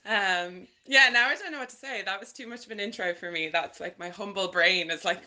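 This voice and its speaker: A woman's voice: medium pitch, a little fast, hardly any pauses. A young Dublin woman with an Irish accent, a guest chatting animatedly on a podcast and laughing often. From Ireland. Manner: animated, laughs often, slips into mimicking voices. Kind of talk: casual chat.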